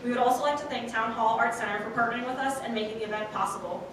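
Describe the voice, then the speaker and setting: A woman organizer thanking partners and giving house announcements before a theatre event, a little halting. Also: a little high. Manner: quick, thankful, slightly halting. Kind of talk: opening announcements. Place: theatre stage, live event. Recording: roomy hall, voice from far off, noise.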